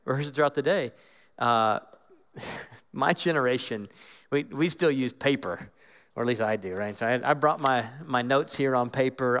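A man giving an earnest, animated teaching talk about Bible reading, acting out inner voices as he goes. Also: mid-range voice. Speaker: guest speaker on Scripture. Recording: long hall reverb.

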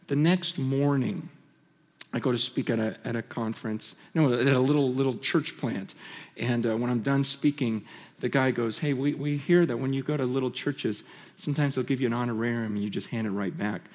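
A man preaching a sermon through personal stories, impassioned and swinging between loud and hushed, on a large hall stage. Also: mid-range voice, moderate pace. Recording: long hall reverb.

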